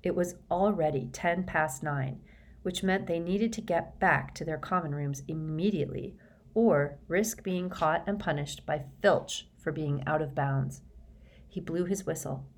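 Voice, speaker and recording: Brief: woman audiobook narrator, slightly low voice, steady measured storytelling. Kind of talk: scripted narration.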